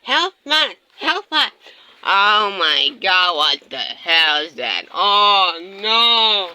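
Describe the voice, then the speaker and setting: A woman's voice: medium pitch, sing-song, extremely slow, pushed and bright, clean tone. A woman voicing plush toys in a skit, screaming and gasping dramatically. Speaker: plush toy video narrator.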